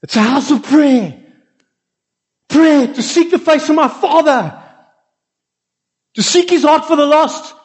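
A man acting out Jesus in a fury, shouting indignantly. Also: mid-range voice, moderate pace, close to an everyday voice. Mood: outraged. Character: furious Jesus clearing the temple, man.

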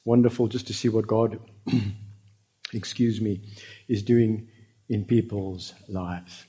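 A South African pastor preaching a lively sermon to his church, now and then dropping into Afrikaans. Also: lowish voice, takes it slowly, breathy edge. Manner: animated, switching into Afrikaans.

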